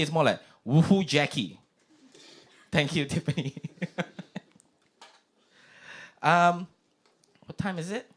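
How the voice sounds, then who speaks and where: A young man with a Singaporean accent hosting an open mic, chatty and self-mocking. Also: fairly high pitch. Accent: Singaporean English. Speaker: comedy open mic host. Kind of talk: stand-up comedy.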